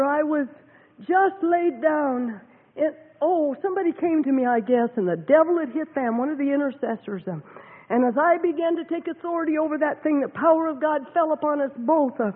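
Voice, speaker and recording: A woman giving an emotional church testimony, her voice often breaking with tears and laughter as she recovers from having lost her voice. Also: high voice. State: recovering from voice loss. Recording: tinny lo-fi recording with long hall reverb.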